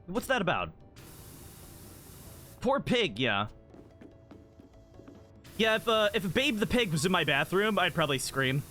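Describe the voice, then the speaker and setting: Bright, lively young-sounding man streaming a game. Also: high-pitched, unhurried, long pauses, faint music behind. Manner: rambling, giggly, easily excited, many "like" fillers. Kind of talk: casual live-stream chat while gaming.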